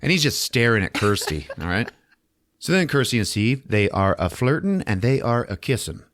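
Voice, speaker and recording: A man hosting a podcast, giving a comedic movie recap in a lively, profane style and laughing often. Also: medium pitch, normal speed. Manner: animated, swearing, laughing often. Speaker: podcast host.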